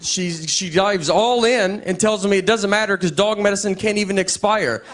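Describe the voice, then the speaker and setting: Male stand-up comic, somewhat high voice, dry and meandering delivery, faint noise in the background. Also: normal speed. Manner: deadpan, rambling, restarts his sentences. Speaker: stand-up comedian. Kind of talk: stand-up set before a laughing audience.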